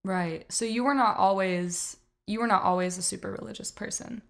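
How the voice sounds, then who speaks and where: A woman's voice: mid-range voice, steady tone, normal speed, gravelly. A woman hosting a casual interview and giving short, encouraging replies. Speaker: interview host.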